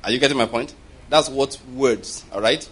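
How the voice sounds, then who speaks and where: A man's voice: medium pitch, normal speed, a bit bright, slightly rough. A man preaching a sermon in a chatty, conversational way, often checking whether the congregation understands and chuckling between points.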